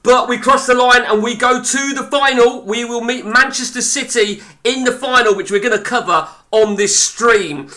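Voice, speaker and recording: A man's voice: very high voice, moderate pace, hardly any pauses, pushed and bright. A man streaming live, giving blunt, sweary, rambling commentary on a football management game.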